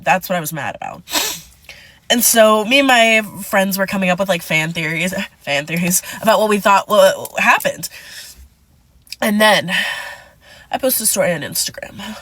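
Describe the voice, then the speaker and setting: A woman's voice: mid-range voice, fairly bright tone, dry recording. A woman telling a casual storytime to her viewers, dramatic and full of swearing. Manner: dramatic, profane, addresses viewers as "divas".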